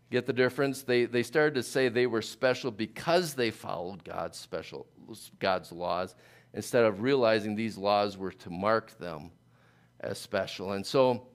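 A man preaching a sermon in a conversational, halting way, with many fillers and restarts. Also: fairly low pitch. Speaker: pastor.

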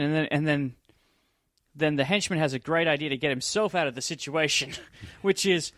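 A man's voice: fairly high pitch, moderate pace, no room sound, clean studio sound. A man co-hosting a casual movie chat, retelling scenes with energy and acting out characters' lines. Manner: animated storytelling, acts out characters' lines. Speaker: podcast co-host.

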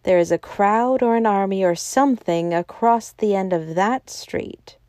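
A woman voicing an earnest, keen-eyed young man in a storybook reading, speaking slowly and quietly. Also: mid-range voice, no room sound, studio quality, close to an everyday voice. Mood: grave.

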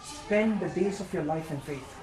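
A male pastor delivers a lively sermon, booming out emphatic points, then dropping to a hushed, personal tone as he recounts his reflections. His voice rings through a reverberant space. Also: measured pace.

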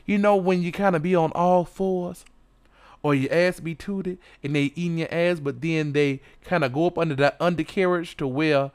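A man with a high, smooth voice tells a story in a flamboyant, theatrical way, breaking now and then into loud cries. His voice is recorded dry and close, with no room sound. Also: normal speed, no echo. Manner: flamboyant, dramatic, animated storytelling with sudden loud exclamations. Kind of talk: explicit storytelling monologue.

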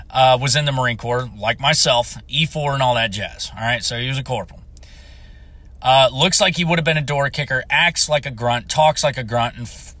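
Brash young veteran, swears constantly, forceful and sharp, no room sound. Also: male voice, mid-range voice, no echo. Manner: heavy swearing, blunt and heated. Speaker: Marine veteran telling a story. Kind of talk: profane storytelling rant.

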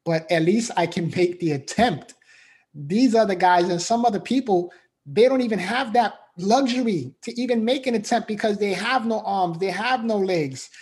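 A man's voice: high-pitched, moderate pace, darkish tone. Earnest man giving a motivational talk. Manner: earnest, repetitive, emphatic, frequent "right?". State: emotional. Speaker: motivational speaker. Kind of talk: faith-based motivational talk.

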